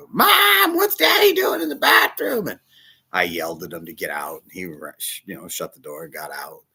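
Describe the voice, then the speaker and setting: Man, middle-aged, bishop, sermon, emotional testimony, low husky voice, bright forceful tone. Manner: emotional personal testimony, animated and confiding.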